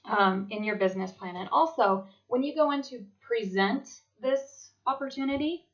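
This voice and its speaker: A woman's voice: fairly high pitch, normal speed, highs cut off. Chatty woman teaching sales rules. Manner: chatty, repeats "okay?" to check in. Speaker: direct sales consultant. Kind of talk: instructional talk to sellers.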